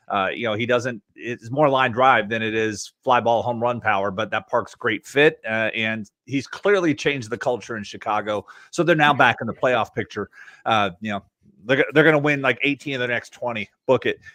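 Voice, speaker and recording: A man's voice: medium pitch, sharp tone, dry recording. A man co-hosting a fantasy baseball podcast, talking in a sarcastic, rambling way. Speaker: podcast co-host. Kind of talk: casual podcast chat.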